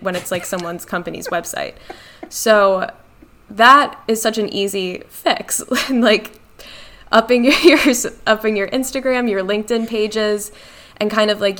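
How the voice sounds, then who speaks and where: A woman's voice: medium pitch, a little slow, a bit bright. A young woman, a guest in an interview, talking in a chatty, upbeat way, saying "like" a lot and laughing easily. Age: young adult. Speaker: guest in business development. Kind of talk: casual interview chat.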